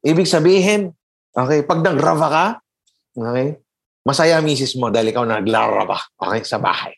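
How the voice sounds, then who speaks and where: A Filipino man gives a preaching-style talk in a husky voice. His pitch swings up and down a lot as he moves between English and Tagalog. He keeps turning to the listener with quick "okay?" and "di ba?" checks. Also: animated. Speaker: podcast host giving a faith talk.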